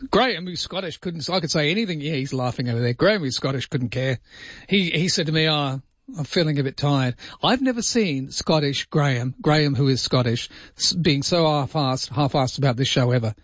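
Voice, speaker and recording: A man's voice: a little high, expressive, a little fast, no room sound, dull audio. A man hosting a radio show in casual, joking banter, teasing his co-workers. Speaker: radio host.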